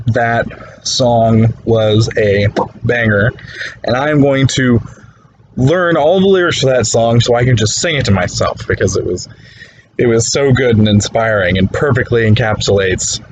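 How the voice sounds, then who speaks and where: A man speaks slowly and deadpan into a phone from his bed, keeping his tone low-key throughout. His pitch sits mid-range. A faint hiss of noise runs under the recording. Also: dull audio. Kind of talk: deadpan joke-telling video message. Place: bedroom.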